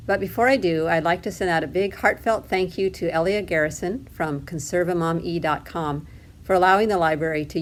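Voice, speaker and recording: A woman reading a picture book aloud for a library storytime, telling it in a lively, expressive way. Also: fairly low pitch.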